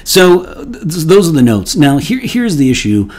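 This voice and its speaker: A man's voice: fairly high pitch, sing-song, normal speed, a little mellow. A man hosting his own fragrance review channel, talking casually in a rambling way with playful mock outrage and many restarts. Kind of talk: casual solo product review.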